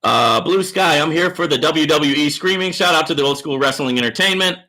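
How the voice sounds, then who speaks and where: A man hosting a live Q&A stream, giving loud, hyped shout-outs to viewers in the chat and teasing them boastfully. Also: on the high side, a little fast. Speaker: livestream host.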